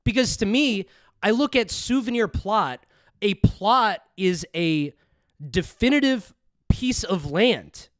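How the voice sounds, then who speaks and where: A man with a very high, lively voice rants in a heated, foul-mouthed way while reacting to a video. His sound is close and dry, with no room around it. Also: slow pace, dry recording. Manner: heated, swearing, mocking. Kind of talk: profane angry rant.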